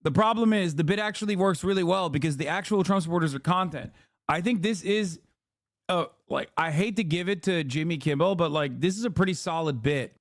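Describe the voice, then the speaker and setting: A male streamer riffs on clips in a loose, profane rant, full of sarcasm. His voice sits a little high for a man. The sound is dry and close, with no room around it. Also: dry recording. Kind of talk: casual livestream commentary.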